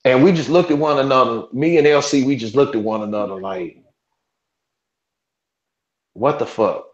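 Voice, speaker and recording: A man's voice: medium pitch, fast talker, highs cut off. Rambling man telling a story, roomy sound. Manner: rambling, many restarts, cursing. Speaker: podcast host. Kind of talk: casual storytelling chat.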